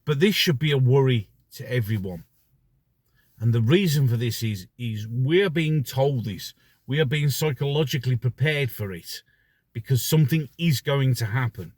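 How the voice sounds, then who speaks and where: A man's voice: mid-range voice, expressive, moderate pace, breathy edge, no echo. A middle-aged man giving a sarcastic ranting commentary full of rhetorical questions. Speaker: vlogger.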